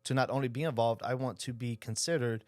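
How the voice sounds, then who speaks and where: A middle-aged man speaks as a podcast guest. He rattles through his stories at a brisk clip and acts out each quoted exchange. The sound is close and dry, with no room around it. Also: medium pitch, no room sound. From Oklahoma. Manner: animated storyteller acting out quoted dialogue. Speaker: insurance agency owner, guest. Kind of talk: casual storytelling interview.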